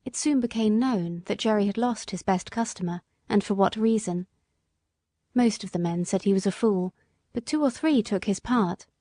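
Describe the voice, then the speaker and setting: Brief: woman audiobook narrator, calm, mellow, dry and close. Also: mid-range voice, normal speed, no echo. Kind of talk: scripted narration.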